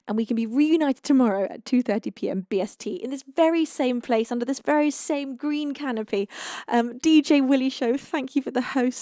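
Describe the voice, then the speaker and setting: A woman's voice: on the high side, vocal fry, dry recording, studio quality. A young woman with an English accent, chatting effusively to her live stream viewers as she signs off. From United Kingdom. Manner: bubbly and effusive, with soft laughs and sighs. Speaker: streamer and singer-songwriter.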